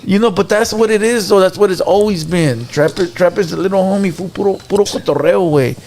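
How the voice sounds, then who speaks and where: A man's voice: high-pitched, a little fast, darkish tone, slight background noise. A man hosting a late-night talk show, telling stories brashly and profanely, slipping Spanish into his slang and acting out what others said. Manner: gruff storyteller who acts out quotes. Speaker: show host.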